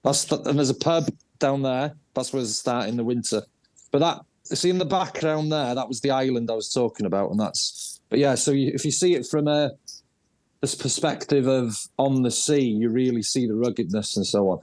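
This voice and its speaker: A man, a race director telling stories as a guest in a casual interview, jokey and animated. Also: mid-range voice, brisk, no room sound. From North Wales.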